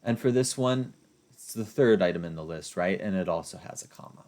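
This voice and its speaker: A man's voice: low voice, animated, fairly quick, darkish tone. Man explaining grammar in a lecture. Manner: explanatory, asks rhetorical "right?" checks, restarts phrases. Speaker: writing instructor. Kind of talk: recorded lecture walking through examples.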